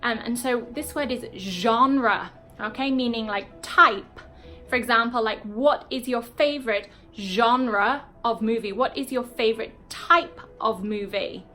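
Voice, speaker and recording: A British woman teaching English in a casual video lesson, explaining slowly and checking in with "okay?" often. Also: on the high side, bright, forceful tone, faint music behind. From Britain. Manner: explains slowly, repeats words, frequent "okay?".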